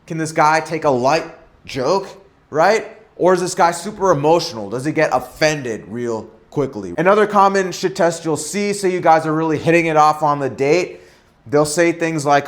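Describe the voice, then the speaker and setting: Higher-voiced man giving dating advice. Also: normal speed. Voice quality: ends points with "right?" and "okay?" tag questions. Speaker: dating coach. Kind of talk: casual advice monologue.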